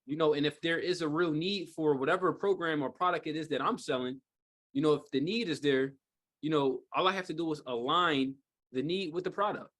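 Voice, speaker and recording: A man's voice: on the high side, a little fast, fairly bright tone. Casual, rambling male sales trainer. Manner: casual, rambling, lots of fillers and rhetorical "right?". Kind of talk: live sales training talk. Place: training room with a live audience.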